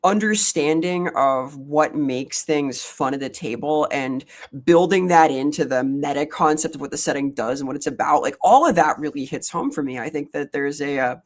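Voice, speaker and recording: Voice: medium pitch, moderate pace. Articulate, wordy podcast co-host. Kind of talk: casual chat.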